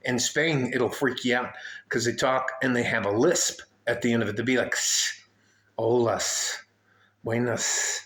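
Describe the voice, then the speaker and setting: A man's voice: mid-range voice, normal speed, fairly bright tone, echoey room. A man chatting in a rambling, casual vlog outdoors by his house, swearing and laughing as he talks. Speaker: vlogger. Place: outdoors at home, by his car.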